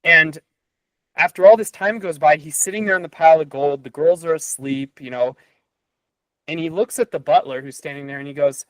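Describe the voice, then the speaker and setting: An animated man talking on a podcast, his voice sitting somewhat high for a man. He retells a story with frequent fillers and restarts. The sound is close and dry, with no room around it. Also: normal speed, dry recording, poor audio. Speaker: podcast guest or host. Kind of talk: casual podcast conversation with storytelling.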